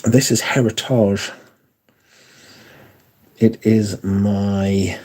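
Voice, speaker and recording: A man's voice: lowish voice, takes it slowly, pauses often, mellow, breathy edge. A man hosting a casual livestream, chatting with viewers and swearing freely, his voice worn down by a sore throat. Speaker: livestream host.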